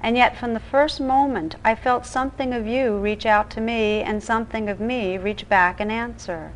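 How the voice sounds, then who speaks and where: A woman's voice: a little high, fairly even intonation, moderate pace, a little hiss or hum, close to an everyday voice, rough recording. A woman voicing a loyal, courteous young knight from an old tale, in an earnest storybook reading.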